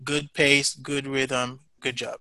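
A man's voice: mid-range voice, little pitch movement, takes it slowly, pushed and bright, no echo. A man teaching a class, giving patient, encouraging feedback with many fillers and restarts. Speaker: instructor.

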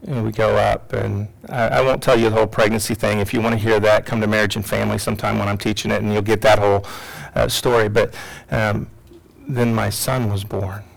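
Gravelly middle-aged man telling a story. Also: fairly low pitch, flat delivery, a little fast, poor audio. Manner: emotional, swings from loud to hushed. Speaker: teacher and psychologist. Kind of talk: personal story told to an audience.

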